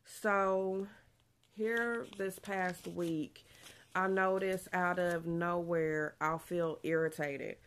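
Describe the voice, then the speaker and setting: A woman's voice: on the low side, fairly even intonation, drawn-out words. A young woman, chatting casually in a pregnancy vlog, a bit out of breath, laughing often. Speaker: vlogger.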